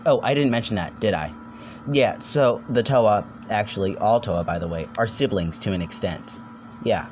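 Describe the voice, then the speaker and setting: Fairly low in pitch, a little mellow and with lively intonation, this young man's voice carries a rambling, jokey video essay. He throws in the occasional swear word and quick silly voices, with a little hiss or hum in the audio.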